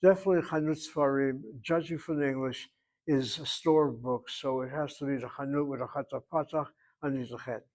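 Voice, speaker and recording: A man's voice: medium pitch, fairly even intonation, fairly quick, darkish tone, rough recording. A man teaching a Hebrew grammar class, explaining step by step in an emphatic, opinionated way.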